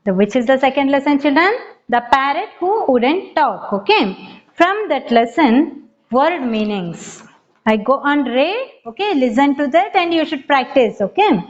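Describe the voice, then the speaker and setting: Indian english lady teacher, high voice, slow, spelling stuff out for kids, muffled lo-fi audio. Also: sing-song. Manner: spells words letter by letter, addresses children often. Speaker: primary school teacher. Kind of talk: classroom revision lesson. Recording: dull lo-fi recording.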